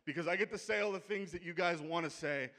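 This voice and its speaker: A man's voice: sits high, fast talker, pushed and bright. A man with a Pittsburgh accent doing a brash, profane, conversational stand-up set on a comedy club stage. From Pittsburgh, USA.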